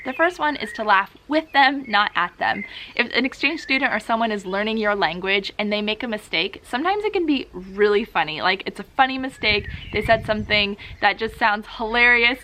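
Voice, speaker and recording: A woman's voice: medium pitch, animated, fairly quick, sharp tone, slight background noise. A woman who teaches languages, giving advice to camera in an upbeat, encouraging way and now and then acting out little exchanges with her students. English is her first language.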